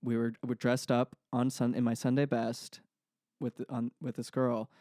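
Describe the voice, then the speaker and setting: A young man chatting on a podcast, telling rambling, self-deprecating stories and laughing easily. The voice is mid-pitched and sits close to the mic in a dry, deadened space. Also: little pitch movement, moderate pace, warm tone, dry recording. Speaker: podcast co-host. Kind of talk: casual chat.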